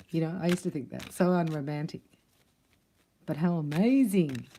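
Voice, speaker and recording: A woman's voice: low voice, unhurried, warm tone, a little hiss or hum. A woman giving a casual spiritual card reading, chatty and emphatic, acting out little dialogues. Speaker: psychic card reader.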